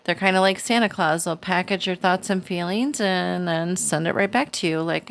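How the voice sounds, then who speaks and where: A woman hosting her own channel, giving a casual, chatty spiritual card reading to camera in a slow, soothing way. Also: lowish voice, vocal fry. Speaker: tarot reader, channel host.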